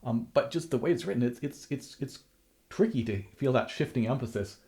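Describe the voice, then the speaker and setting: A man's voice: mid-range voice, brisk, over loud music. Man teaching harp, counting beats aloud. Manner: counts beats aloud while playing, many restarts. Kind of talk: music lesson explaining rhythm.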